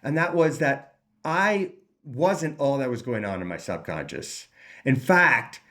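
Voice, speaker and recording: Brief: earnest male host with a fairly high voice, personal recovery talk, restarts a lot. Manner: earnest, rambling, frequent restarts; quotes his own thoughts in voices.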